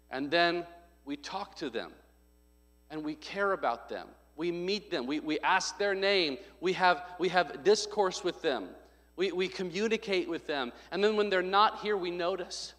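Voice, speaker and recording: A man's voice: high-pitched, lively intonation, normal speed, a bit bright. A man preaching a sermon as a pastor, earnest and given to emphatic repetition. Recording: long hall reverb.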